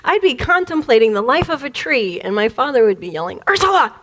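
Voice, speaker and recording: Brisk and on the high side, a woman from the Detroit area, USA, who works as a spiritual speaker animatedly recounts a personal childhood story. She laughs often and acts out the voices.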